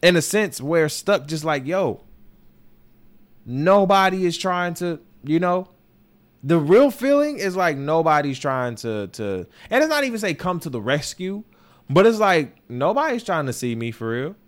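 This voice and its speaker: Brief: young male podcast host, higher-pitched voice, raw and candid personal talk, heavy swearing, repeats himself and restarts. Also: sing-song, measured pace. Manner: candid and emotional, swears often, circles back with restarts. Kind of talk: personal opinion monologue. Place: New York.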